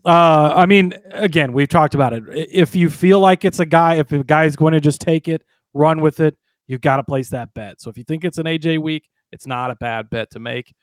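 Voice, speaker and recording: A man co-hosting a sports betting podcast, talking in a relaxed, conversational way. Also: fairly high pitch, moderate pace, few pauses, dry recording. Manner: relaxed, conversational, chuckles often. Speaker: podcast co-host. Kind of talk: casual sports betting chat.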